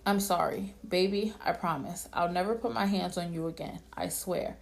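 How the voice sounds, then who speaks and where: A jealous, abusive man, cursing and threatening one moment, pleading the next, voiced by a woman reading a story. The voice sits low with a gravelly, creaky texture. He speaks like a man used to power. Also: moderate pace. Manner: yelling, cursing, then pleading.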